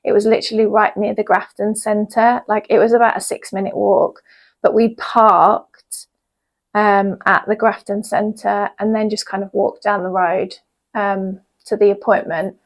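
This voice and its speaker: A woman's voice: medium pitch, flat delivery, normal speed, poor audio. Yoga teacher lady rambling on, loads of ums, chatty home vlog. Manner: chatty, rambling, lots of fillers. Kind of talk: casual vlog chat. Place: at home in her yoga room.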